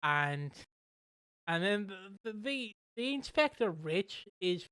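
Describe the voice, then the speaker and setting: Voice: mid-range voice, big pitch swings, slow pace, bright, forceful tone, clear, resonant tone, no echo. A co-host chatting casually, giggly and mocking, often acting out silly quoted voices. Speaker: podcast co-host. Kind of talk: casual chat reviewing a soap opera.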